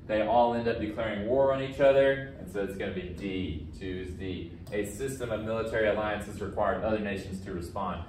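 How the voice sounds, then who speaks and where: A man's voice: fairly low pitch, fairly even intonation, a little fast, few pauses, darkish tone. Casual, jokey male history teacher. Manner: casual and jokey, self-described as sarcastic. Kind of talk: recorded lesson walking through practice questions. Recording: roomy echo, distant from the mic, faint background noise.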